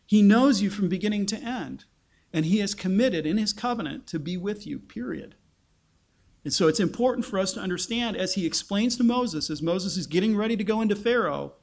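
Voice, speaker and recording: A man preaching a conversational Bible-teaching sermon, asking his listeners rhetorical questions. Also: high voice.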